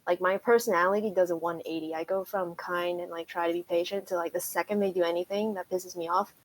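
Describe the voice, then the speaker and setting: A woman's voice: lowish voice, fairly even intonation, fast, a little hiss or hum, low-quality recording. A young woman co-hosting a casual podcast, speaking frankly and bluntly. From New York. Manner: frank and blunt, telling stories with reactions. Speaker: podcast co-host. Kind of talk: casual chat.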